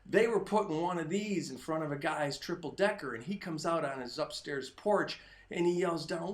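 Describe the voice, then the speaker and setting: A man hosting a political commentary monologue, talking emphatically and sometimes breaking into shouts. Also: fairly high pitch, expressive, normal speed, few pauses. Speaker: host. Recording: roomy echo.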